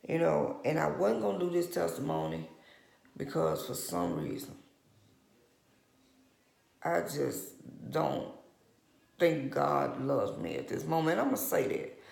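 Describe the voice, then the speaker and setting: Older woman, gravelly voice, lively and a bit high, rambling testimony, echoey room. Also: measured pace, pauses often. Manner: rambling, candid storytelling with quoted dialogue. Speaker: vlogger giving a testimony. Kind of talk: personal testimony, casual talk. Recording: roomy echo.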